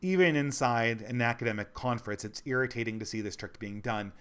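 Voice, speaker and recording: A man's voice: medium pitch, a little fast, fairly bright tone, smooth. A man in his thirties talks through a critical commentary in an easy, unscripted way. He often restarts and repeats himself, and the irritation shows throughout. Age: 30s. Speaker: channel host.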